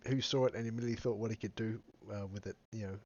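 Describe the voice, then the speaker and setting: A man's voice: fairly low pitch, fairly even intonation, very fast, a little mellow, highs cut off. A man in casual podcast chat, teasing his friends and swearing a lot. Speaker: podcast co-host.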